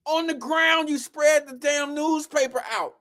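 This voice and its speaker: A live show host telling a comedic rant, animated and profane, talking straight to the audience and swinging from shouts to low mutters. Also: unhurried. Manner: addresses the audience directly as "y'all" and "guys".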